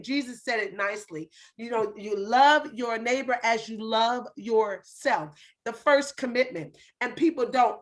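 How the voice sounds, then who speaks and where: A woman's voice: fairly high pitch, fairly bright tone. A woman host giving an emphatic, faith-driven motivational talk in a preaching manner.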